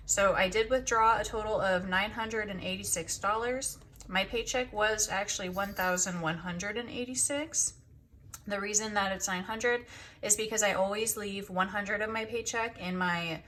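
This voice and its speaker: A young woman talks casually to her viewers, explaining her budget in a friendly, chatty way. Her voice is bright and she sounds a little out of breath. A faint noise sits under the recording. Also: mid-range voice. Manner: chatty, counts cash aloud softly. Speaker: budgeting channel host. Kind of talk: casual chat to camera.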